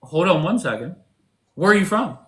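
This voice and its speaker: A man's voice: sits high, expressive, moderate pace. A man hosting a livestream debate, combative and mocking, often interrupting his callers.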